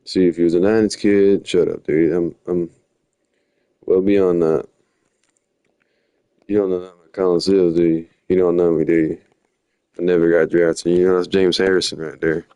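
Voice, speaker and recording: A young man talks on a live stream, wandering loosely from one story to the next in casual slang. His voice sits very low. The sound is dry and close, with no room around it. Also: flat delivery, normal speed, pauses often, dark tone, clear, resonant tone, no echo. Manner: rambling, slangy, drifting storytelling. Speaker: livestreamer. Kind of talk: rambling live-stream chat.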